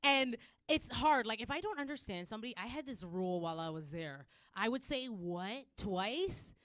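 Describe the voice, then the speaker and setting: High bright Canadian woman doing stand-up. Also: normal speed, no room sound, studio quality. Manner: loud animated storytelling, acts out characters, laughs often. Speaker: stand-up comedian. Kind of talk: stand-up comedy set.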